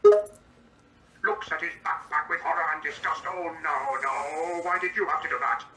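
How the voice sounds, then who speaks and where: Measured and evenly paced, this synthetic male voice sits a little high and sounds pushed and bright. It portrays an indignant, easily confused adult man and speaks its own stage directions ahead of every line, all captured in an echoey, distant recording with faint hiss behind it.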